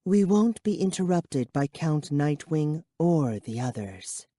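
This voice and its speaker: A man voicing a thirsty, teasing vampire girl in an audiobook, with a slow, breathy hiss. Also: fairly high pitch, big pitch swings, dark tone, dry recording, pitched above the performer's own voice, full character voice. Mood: sly whisper. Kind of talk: audiobook character voice.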